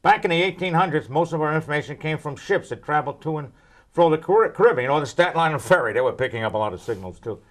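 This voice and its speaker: Brief: older male weather expert, slightly high voice, cracks jokes mid-answer, loose and rambling. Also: lively intonation, quick pace, fairly bright tone. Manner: wisecracking, rambling with puns. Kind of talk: joking weather Q&A.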